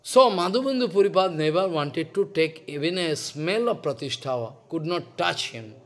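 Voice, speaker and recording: A man's voice: fairly high pitch, lively intonation, moderate pace. Older man giving an emphatic devotional lecture. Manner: broken English, repetitive, emphatic. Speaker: spiritual teacher.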